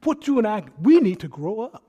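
A male pastor preaching a sermon, swinging between hushed asides and loud preaching and mimicking people in quoted voices. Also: sits high, big pitch swings, a little fast, dull audio.

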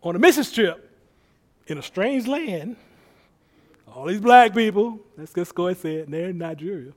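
A man preaching, telling a story in an animated way, acting out the people he quotes and laughing often. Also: high-pitched, normal speed. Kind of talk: sermon storytelling.

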